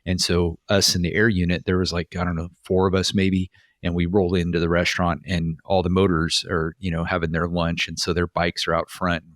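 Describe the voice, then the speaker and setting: A man's voice: deep voice, level tone, a little fast, no room sound, studio quality. A man co-hosting a podcast, a former police officer telling stories in a chatty way with many fillers and restarts. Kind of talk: casual podcast chat.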